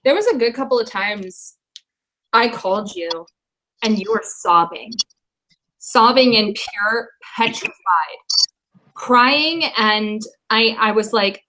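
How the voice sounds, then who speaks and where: Woman stream host, higher voice, emotional, profane, apologetic. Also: takes it slowly, sharp tone, low-quality recording. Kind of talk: emotional livestream talk.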